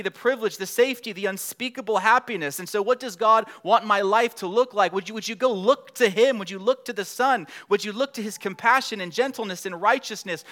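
A man's voice: high-pitched, bright, forceful tone. A middle-aged male pastor preaching a sermon in a conversational way, building to emphatic passages.

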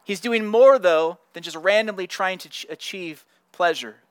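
A male pastor delivering a sermon, earnest and conversational, with frequent restarts and repeated words. His voice sits high for a man. The recording is dry, with no room echo. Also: normal speed, smooth.

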